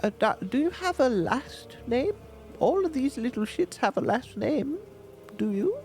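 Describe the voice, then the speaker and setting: A shrill, bossy old grandma who swears and calls people "dearie",. Her voice sits far above his own and swoops around as she barks orders. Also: big pitch swings, unhurried, a little mellow, soft background music, heavily acted. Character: cranky foul-mouthed old grandma.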